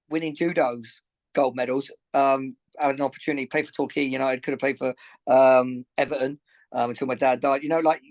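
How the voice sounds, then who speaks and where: A man's voice: on the high side, low-quality recording. An earnest man, a boxing coach, talks in a podcast interview with a slightly raised voice. He rambles, circles back to repeat himself and gets choked up with emotion. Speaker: boxing coach and gym owner.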